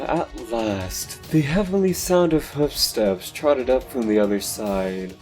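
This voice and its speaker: A man narrating a horror story slowly and dramatically. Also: mid-range voice, a little mellow. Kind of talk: dark horror story reading.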